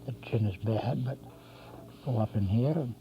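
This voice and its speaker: A man's voice: mid-range voice, moderate pace. Older man rambling through a drawing lesson. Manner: rambling, talks while drawing, self-correcting. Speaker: drawing instructor. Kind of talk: casual drawing demonstration. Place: local TV studio. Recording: dull lo-fi 1990s community TV audio with faint hum.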